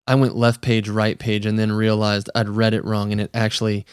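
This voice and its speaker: In a studio-quality recording with a clean tone and no echo, a podcast host with a lowish voice speaks at a moderate pace with flat delivery. He's an eager, talkative guy, peppering his casual comic book review chat with a guest with "like" and "dude."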